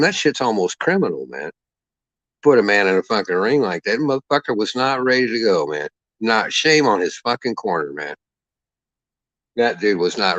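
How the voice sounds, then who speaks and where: A man's voice: fairly low pitch, a bit bright, no echo. A man delivering a heated, profane boxing rant as the channel's commentator. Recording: dull lo-fi dry sound.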